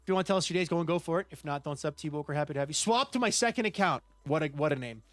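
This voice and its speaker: Chatty, high-voiced male game streamer. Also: expressive, racing, fairly bright tone, dry recording, faint music behind. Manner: chatty, reads out and thanks viewers by name. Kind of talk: live gameplay stream chat.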